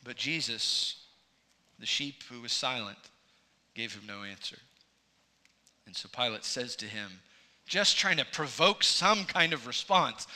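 A man preaching an expository sermon, his voice rising to emphatic peaks and dropping low. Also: lively intonation, measured pace, bright, forceful tone. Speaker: pastor.

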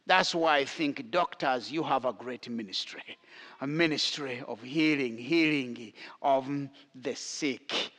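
High bright-voiced pastor preaching slow, repeats his big lines, echoey church hall. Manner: emphatic, repeats key lines for stress. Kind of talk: sermon. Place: church sanctuary.

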